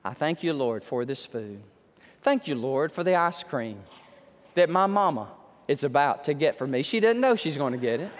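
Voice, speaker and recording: A man's voice: fairly high pitch, expressive, moderate pace, voice pushed down, lightly acted. A man preaching, voicing a five-year-old boy who says a sing-song blessing. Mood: innocent. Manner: innocent, sing-song prayer. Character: little boy around five saying a blessing. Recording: reverberant hall.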